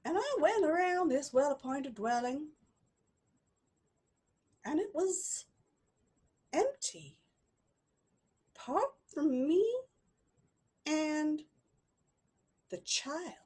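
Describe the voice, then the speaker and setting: High, dramatic woman storyteller. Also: lively intonation, darkish tone. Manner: dramatic, slow, with long pauses. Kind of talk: improvised live storytelling.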